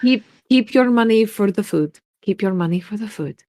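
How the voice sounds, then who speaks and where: A woman's voice: mid-range voice, expressive, moderate pace, warm tone, dry recording, lightly acted. A woman voicing a stern pirate man who lays down firm, clipped rules.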